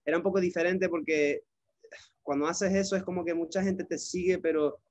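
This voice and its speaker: A man's voice: sits high, fast, dry recording. Laid-back british-accented young man. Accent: British English. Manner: relaxed, chatty storyteller, many fillers. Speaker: musician guest. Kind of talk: casual interview chat.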